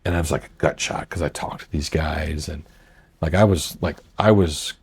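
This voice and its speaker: A political candidate who owns a marina recounts his campaign in a loose, rambling manner at a marina boat club, playing out the dialogue others had with him. He speaks at normal speed in a gravelly bass voice with a breathy edge.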